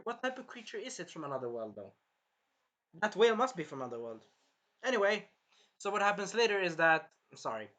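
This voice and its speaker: Bright, high-voiced man rambling through a recap. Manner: rambling, animated recap with many fillers. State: tired, clearing his throat. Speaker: anime reviewer. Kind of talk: casual episode recap.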